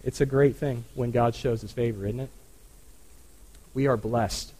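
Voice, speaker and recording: A man's voice: mid-range voice, steady tone, measured pace, warm tone, low-quality recording. Conversational male pastor preaching. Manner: conversational, earnest, with frequent asides. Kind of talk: sermon. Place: church.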